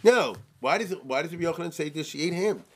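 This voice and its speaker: Male Torah teacher, informal class, animated, keeps checking in with rhetorical questions. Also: fairly high pitch, fast.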